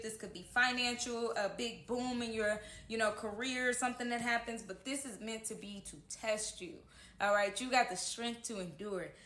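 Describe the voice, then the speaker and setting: Woman doing a casual tarot reading at home, earnest and encouraging, tense bright tone, kinda echoey. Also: fairly high pitch. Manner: earnest, encouraging, often tags lines with "okay?". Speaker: tarot reader. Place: home room. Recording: echoey room.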